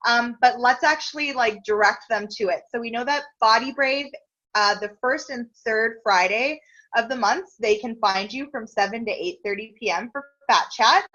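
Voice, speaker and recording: A woman's voice: a little high, moderate pace, pushed and bright, lo-fi sound. A woman hosting a casual interview over a video call, earnest and grateful, talking openly and getting emotional. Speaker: interview host.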